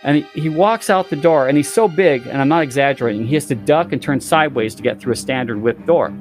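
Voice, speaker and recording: A man's voice: medium pitch, fast, over music. Theatrical man telling a story. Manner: theatrical, exaggerating for effect. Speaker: podcast guest. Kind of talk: animated storytelling.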